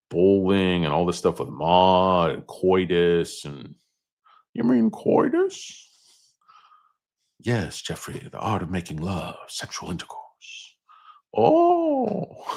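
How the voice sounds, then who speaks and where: Middle-aged male host, low and animated, loose comedic market commentary. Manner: meandering, jokey asides, many fillers. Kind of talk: rambling comedic stock-market talk.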